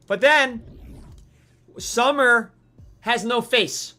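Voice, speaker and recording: High, bright-voiced ranting male streamer. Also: drawn-out words, soft background music. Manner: animated, mock-outraged ranting. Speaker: streamer host. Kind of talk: live-stream gaming commentary.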